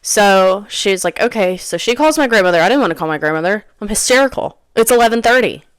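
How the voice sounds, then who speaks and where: A woman's voice: medium pitch, lively intonation, quick pace, smooth, dry recording, clean studio sound. A young woman hosting a podcast, telling a personal story in a casual, rambling way and often repeating her own phrases. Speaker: podcast host.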